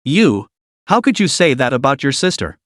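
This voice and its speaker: A man's voice: mid-range voice, big pitch swings, moderate pace, no room sound, studio quality, lightly acted. A man reading an audio story recap, voicing a desperate, tearful young woman who screams and pleads.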